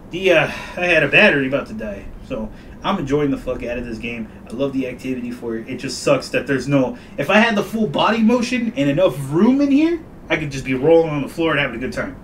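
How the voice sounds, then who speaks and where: A man giving casual, excitable commentary while playing a VR game at home, swearing freely and letting out sudden whoops. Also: mid-range voice, recorded from a distance, slight background noise. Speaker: VR gamer. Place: home room. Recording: roomy, from off the mic, with game music.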